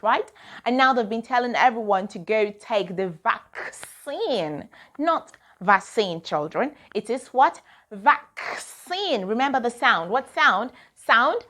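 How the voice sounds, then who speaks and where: A woman's voice: a little high, fairly bright tone. A woman teaching a pronunciation lesson to children. She drills words one at a time and asks and answers her own questions.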